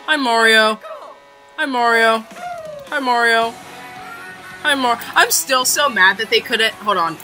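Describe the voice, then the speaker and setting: A woman reacting to a game trailer in casual, slangy commentary, excitable and quick to laugh and shout out. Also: on the high side, faint music behind.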